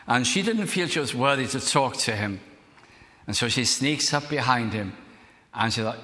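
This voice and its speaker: An older man from South Wales, preaching a sermon as a minister in an earnest, measured way, slowing down to dwell on phrases. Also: medium pitch, bright, forceful tone. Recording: reverberant hall.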